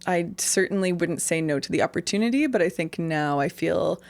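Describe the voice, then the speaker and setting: A woman's voice: fairly low pitch, animated, a little fast. A woman from Canada, an interview guest, telling stories in a rambling casual way with many fillers. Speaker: interview guest, singer-songwriter.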